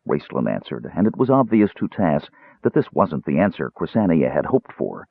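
A man narrating a fantasy story in a scripted, expressive storytelling delivery. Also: extremely low pitch, normal speed, creaky, slightly rough, no echo. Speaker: audiobook narrator. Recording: tinny phone-like band, dry.

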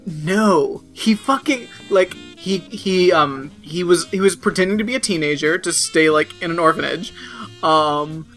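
Animated, swearing podcast co-host. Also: medium pitch, a little slow, faint music behind. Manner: animated, swears freely, laughs mid-sentence. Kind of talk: casual chat.

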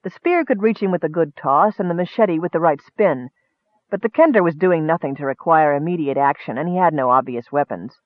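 A man narrating a fantasy story in steady, vivid audiobook style. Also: fairly high pitch, brisk, no room sound. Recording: dry, narrow phone-like sound.

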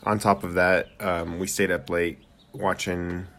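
A man's voice: sits low, level tone, unhurried, fairly bright tone. A young man co-hosting a casual home podcast, rambling and hesitant with lots of fillers. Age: young adult. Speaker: podcast co-host. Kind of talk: casual chat. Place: home room with squeaky chairs.

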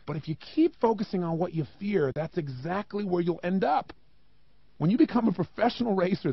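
A man giving a motivational talk, emphatic and animated, with many rhetorical questions and a gravelly voice. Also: high voice, dry recording, highs cut off. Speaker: motivational speaker.

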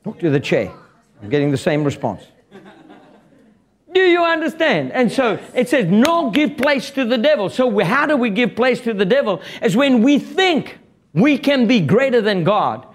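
A man preaching a sermon in an animated, blunt and joking way, quoting scripture and retelling a fable. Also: extremely high pitch, normal speed.

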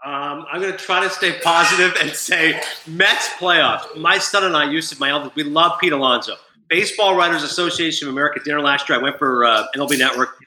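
A man's voice: on the high side, brisk, hardly any pauses, echoey room, slight background noise, low-quality recording. A man from Canada chatting as a guest on a sports talk show, animatedly acting out quotes in his stories. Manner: animated storyteller, acts out quotes. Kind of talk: casual chat.

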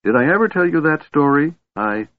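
A man voicing an excitable young male kender in a high, squeaky, chattering way, for a storybook reading. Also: measured pace, breathy edge, heavily acted. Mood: teasing. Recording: tinny phone-like dry sound.

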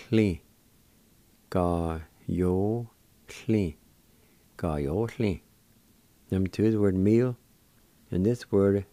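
Low-voiced guy on a radio lesson, slow and careful, sounding out each syllable, dry close sound. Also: mellow, dry recording. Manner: spells out and repeats words syllable by syllable. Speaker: radio host teaching words.

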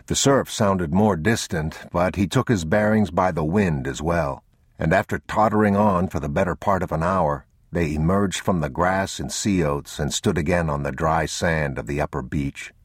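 A man reading a novel aloud as narrator in a measured, unhurried, somber way. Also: sits low, slightly rough, no room sound, studio quality. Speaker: audiobook narrator. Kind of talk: scripted narration.

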